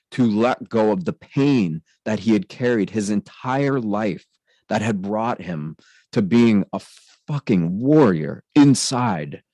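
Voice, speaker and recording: Man hosting his own channel, earnest testimony, low voice, dry close sound. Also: dark tone, dry recording, rough recording. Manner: earnest, intense, speaks in spiritual terms. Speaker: spiritual channel host. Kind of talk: personal testimony monologue.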